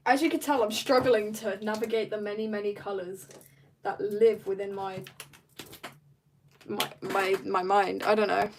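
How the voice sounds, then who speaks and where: During a drawing stream, a woman talks at normal speed in a mid-range voice with fairly even intonation. Her chat is rambling and jokey, dipping into soft mutters, over slight background noise.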